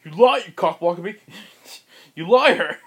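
A man voicing a loud, entitled bully who barks out his demands. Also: a little high, brisk, lightly acted. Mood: angry.

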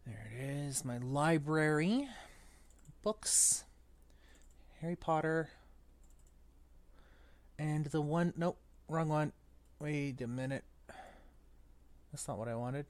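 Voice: mid-range voice, slow pace, pauses often, no room sound. A book club podcast co-host in casual chat, rambling and thinking aloud, with the odd swear.

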